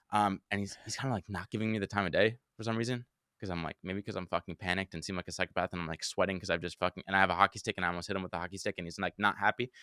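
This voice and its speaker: A young man tells a story on a podcast in an animated, profanity-laced way. His voice is bright and forceful. The sound is dry and close, with no room echo. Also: fairly low pitch. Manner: animated, swears often, acts out his own panicked quotes. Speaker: podcast host telling a story. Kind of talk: casual storytelling chat.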